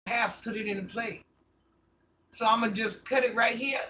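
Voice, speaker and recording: A man's voice: very high voice, steady tone, normal speed, bright, forceful tone, a little hiss or hum. A man rambling through a casual live stream, answering viewer comments and talking to people off camera in a folksy way.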